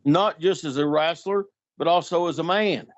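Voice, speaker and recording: A middle-aged male guest storyteller, pitched on the high side and talking at a normal speed, narrates an anecdote in casual conversation. He acts out the voices of those in it with plenty of animation, and the sound is dull lo-fi.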